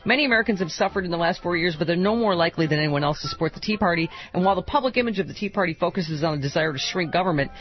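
A woman's voice: on the low side, animated. Giggly woman hosting a talk radio show. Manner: giggly, quick banter, laughs often. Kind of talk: casual comedic radio chat. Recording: slightly muffled radio broadcast.

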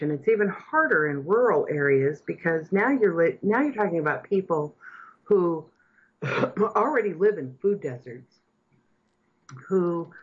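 A woman's voice: on the low side, breathy edge. A woman hosts political talk radio, speaking with earnest, impassioned conviction. Her points build toward emphatic declarations. The sound is slightly dull and muffled. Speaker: radio host.

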